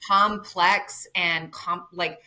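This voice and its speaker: A woman with a bright, forward voice talks as an interview guest, explaining technical ideas through everyday analogies. She keeps checking in with the listener and slips into quoted voices as she goes. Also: lowish voice, very slow. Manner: animated, explains with everyday analogies, says "right?" often. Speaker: neurofeedback clinic executive, guest. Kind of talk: conversational interview.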